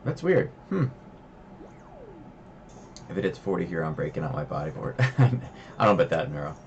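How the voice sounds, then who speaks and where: Guy streaming from his desk, deep voice but bounces around a lot, rambly and casual. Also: very animated, normal speed, lo-fi sound, a little hiss or hum. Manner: rambling, chatty, many fillers. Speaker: trading stream host. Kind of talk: casual livestream chat. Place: home desk.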